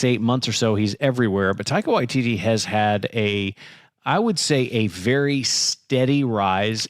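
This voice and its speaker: A man's voice: medium pitch, dry recording, studio quality. Enthusiastic rambling male podcast co-host. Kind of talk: casual chat.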